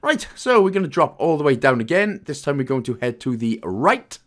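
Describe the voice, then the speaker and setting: A man's voice: on the high side, sing-song, fairly quick. A young Welsh man with a Welsh accent giving a chatty, jokey gameplay walkthrough with loose asides and fillers. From Wales. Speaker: game guide presenter. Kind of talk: casual gameplay walkthrough commentary.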